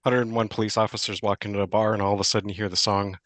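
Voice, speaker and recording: A man comedian tells improv jokes hesitantly, pausing on fillers. His voice is fairly low. The sound is dry and close. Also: flat delivery, fairly bright tone, no room sound. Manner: hesitant, halting joke telling.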